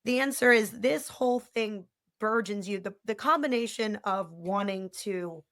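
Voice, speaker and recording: A woman's voice: mid-range voice, unhurried, a bit bright. Rambling woman dentist guest. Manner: rambling, trails off mid-thought, technical. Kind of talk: conversational interview.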